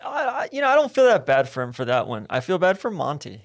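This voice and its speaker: A man's voice: on the high side, huge pitch swings, quick pace. A man co-hosting a casual podcast, bluntly skeptical of his friends' takes. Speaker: podcast co-host.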